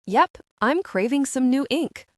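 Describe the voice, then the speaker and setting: A woman voicing an older man in a romance audiobook, teasing and relaxed in speech. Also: sits high, unhurried, dry recording, studio quality, pitched above the performer's own voice.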